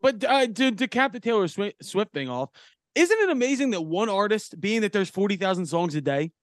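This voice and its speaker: A man's voice: high-pitched, big pitch swings, brisk, no room sound, studio quality. A man with a New England accent co-hosting a podcast, teasing and joking in casual, profane chat. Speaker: podcast co-host.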